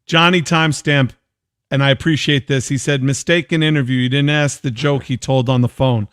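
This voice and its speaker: A man with a clear, smooth voice hosts a relaxed interview and chats loosely with his guest. He breaks off now and then to read out listener comments. The sound is dry and close. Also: medium pitch, a little fast, dry recording. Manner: loose, chatty, reads listener comments aloud. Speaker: host. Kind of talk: casual interview chat.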